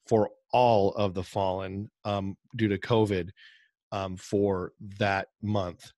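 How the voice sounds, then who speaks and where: A man's voice: fairly low pitch, a little mellow, dry recording, clean studio sound. A man co-hosting a podcast, chatting casually over a video call and rambling with plenty of ums and restarts. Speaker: podcast co-host.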